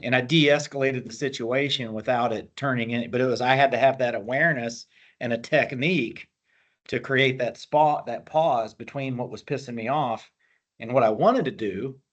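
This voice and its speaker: A man's voice: medium pitch, moderate pace. A man speaking as a guest, explaining mental skills in a plainspoken way with military terms. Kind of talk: motivational talk on a call.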